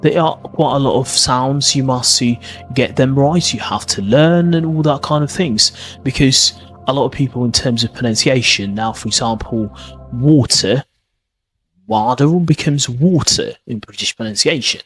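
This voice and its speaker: A man's voice: medium pitch, moderate pace, a bit bright, soft background music. A man giving a podcast lesson on pronunciation, often restarting and checking in with "okay?". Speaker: pronunciation teacher.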